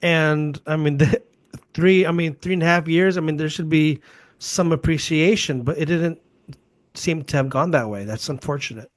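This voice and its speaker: A man hosting a podcast interview, asking sympathetic, measured questions. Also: on the high side, dry recording. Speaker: podcast host.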